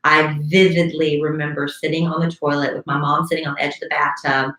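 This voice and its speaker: Female co-host, low voice, easygoing chat, roomy echo on the recording. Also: level tone, fairly quick, a bit bright. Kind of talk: casual chat.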